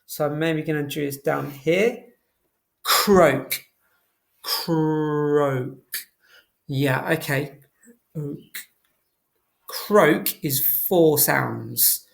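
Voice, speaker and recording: Slow, gravelly-voiced phonics teacher. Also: medium pitch. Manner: slow, sounding out words letter by letter. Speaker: primary school teacher. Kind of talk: phonics lesson for young children.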